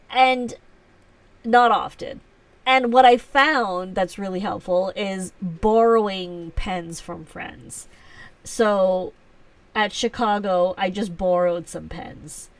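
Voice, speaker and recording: A woman hosts a relaxed live stream and chats with her viewers, poking fun at herself and laughing often. Her voice sits at an ordinary middle pitch. She is picked up from a little way back from the microphone. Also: no echo, recorded from a distance. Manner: chatty, self-teasing, laughs often. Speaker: livestream host. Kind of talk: casual live chat answering viewers.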